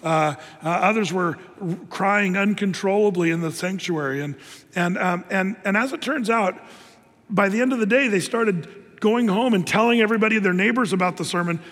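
High-voiced preacher in a reverberant hall. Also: male voice, moderate pace, fairly bright tone. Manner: conversational, with fillers and restarts. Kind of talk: sermon.

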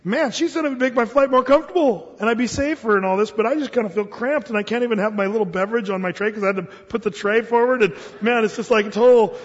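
A man's voice: high voice, quick pace, hardly any pauses, breathy edge, long reverb tail, dull audio. A man preacher voicing a cramped, grumbling male airline passenger in a whiny, complaining tone.

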